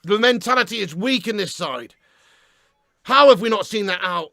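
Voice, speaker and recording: High, gravelly, shouting Englishman ranting. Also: animated, normal speed, no room sound, clean studio sound. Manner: furious, heavily sweary, shouting rant. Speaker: fan reaction host. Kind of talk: ranting reaction video.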